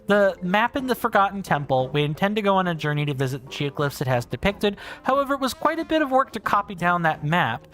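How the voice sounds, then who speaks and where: A man's voice: sits high, big pitch swings, fast talker, few pauses, fairly bright tone. A man reading aloud a polite, formal researcher from a video game, in a stiff and courteous manner.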